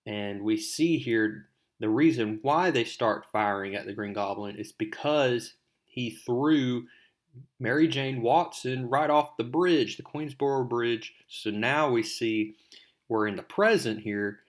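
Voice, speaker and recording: A man's voice: mid-range voice, slow. Casting note: an easygoing man recapping a comic, chatty and filler-heavy. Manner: rambling, filler-heavy retelling. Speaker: comic book reviewer.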